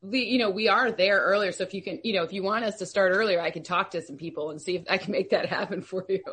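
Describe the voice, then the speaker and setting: A woman's voice: mid-range voice, fast, fairly bright tone, slightly rough. A woman who grew up in Luxembourg, guesting on a podcast as an analytics expert and chatting casually with plenty of filler words. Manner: chatty, lots of filler likes.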